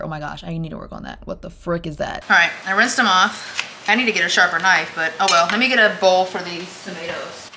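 A woman's voice: mid-range voice, sharp tone, a little hiss or hum. A young woman vlogging while she cooks in her home kitchen, chatting to herself and her viewers. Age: young adult. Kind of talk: casual vlog chatter while cooking. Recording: echoey kitchen with clattering dishes. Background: cutlery and dish clatter.

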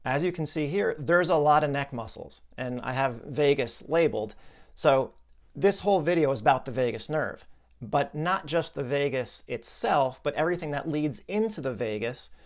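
A man's voice: medium pitch, animated, normal speed. A man explaining a client's case in a conversational video lesson, thinking aloud with asides and restarts.

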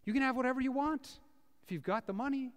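A male pastor preaching a sermon to a small congregation in a church, with a dramatic delivery that swings from loud to hushed. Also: extremely high pitch, fast talker, clear, resonant tone. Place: church, before about fifty people. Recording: reverberant church hall.

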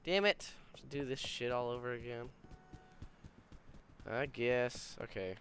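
A man's voice: medium pitch, level tone, a little slow. Cursing man narrating his gameplay. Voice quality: swears often, frustrated grumbling. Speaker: gameplay commentator. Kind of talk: casual gameplay commentary. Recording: game audio noise behind.

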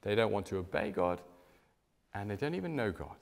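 Male pastor, mid pitch, animated sermon delivery, reverberant church hall. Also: a little fast, vocal fry. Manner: animated storytelling with strong swings in pitch and loudness.

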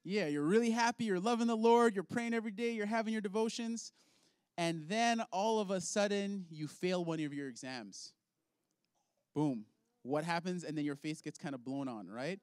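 A man's voice: high-pitched, normal speed, clear, resonant tone, no room sound, studio quality. Upbeat man leading a kids' lesson. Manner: upbeat, playful, laughs often. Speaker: children's ministry leader. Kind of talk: object lesson for kids.

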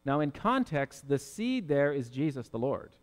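A man's voice: medium pitch, sing-song. Preacher man in a reverberant hall. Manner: conversational, gently self-correcting, reads verses slowly. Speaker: pastor. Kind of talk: expository sermon reading and explaining scripture.

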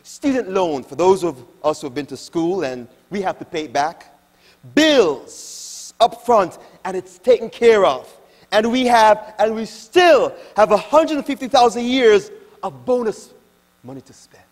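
Male pastor, high and lively delivery, dynamic sermon style with a long church-hall reverb. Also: a little slow. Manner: dynamic preaching, swings from quiet asides to loud emphatic quotes.

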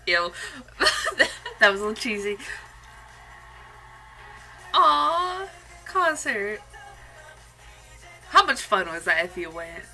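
A woman's voice: mid-range voice, sing-song, takes it slowly, long pauses, pushed and bright, poor audio. A young woman hosting a music video reaction, chatty and gushing as she comments. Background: faint music.

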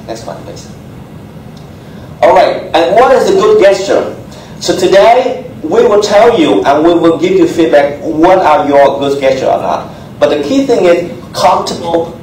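A man coaches students through interview skills in clipped, instructive phrases, his voice sitting a little high. He is picked up from across an echoey lecture room, with faint ambient noise underneath. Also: darkish tone. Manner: short instructive phrases, asks for the next slide. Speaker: doctor giving a talk to students. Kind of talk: interview-skills seminar talk. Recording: roomy echo, distant mic, faint ambience.

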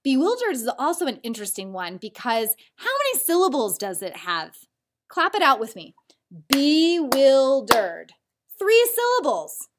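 A woman teacher giving a recorded spelling lesson to children, patiently sounding out words slowly so they can clap along. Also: on the high side, very animated, a bit bright.

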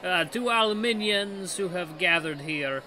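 Mockingly grand and unhurried, this is a theatrical male speaker with a wolfish edge, put on by a man. He stretches every word in a wobbly fake French accent. The voice sits high and bright. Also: soft background music. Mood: grandiose. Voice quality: slow, drawn-out, grandiose delivery.

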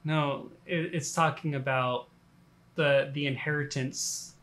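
A man giving a relaxed, conversational sermon, full of fillers and restarts. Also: a little high, takes it slowly. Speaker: pastor.

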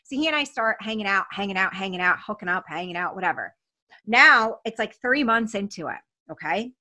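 Bright-voiced woman telling a blunt story. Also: mid-range voice, lively intonation, a little fast. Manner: blunt, swears freely, acts out quoted dialogue. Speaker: interview guest. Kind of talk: casual storytelling.

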